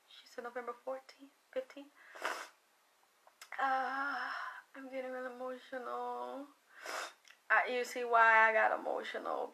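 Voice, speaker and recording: Woman, bright voice, fairly high, tired late-night livestream talk, emotional, rambling. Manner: emotional, rambling, trailing off into sighs. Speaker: psychic reader.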